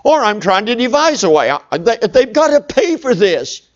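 A man's voice: high-pitched, very animated, normal speed, highs cut off. A middle-aged male pastor telling a humorous personal story in a sermon, talking straight to his congregation. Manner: folksy, humorous, talks to the congregation.

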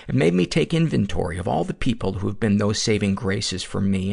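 Low gravelly husky man hosting a podcast. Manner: earnest, rambling, with asides and restarts. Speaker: podcast host. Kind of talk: reading a listener letter aloud, then casual reflection.

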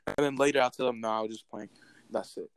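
A young man telling stories in a casual chat, animated and profane, often bursting into loud exclamations. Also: mid-range voice, quick pace, smooth, no echo.

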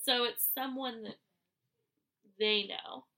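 Sick, bright-voiced woman podcaster. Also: fairly high pitch, steady tone, takes it slowly. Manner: opinionated, speculates earnestly. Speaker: podcast co-host. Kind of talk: casual chat about a reality TV show.

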